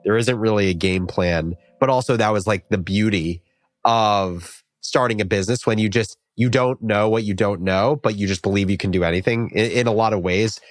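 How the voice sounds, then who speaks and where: A man hosting an interview, asking questions in a calm, conversational way. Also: on the low side, moderate pace, no echo, studio quality. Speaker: interviewer, host.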